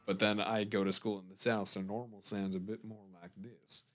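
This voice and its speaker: A man's voice: on the low side, flat delivery, moderate pace, few pauses, a bit bright. A tired young man streaming a game, joking offhand and swearing freely in casual chat. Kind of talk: casual chat while gaming.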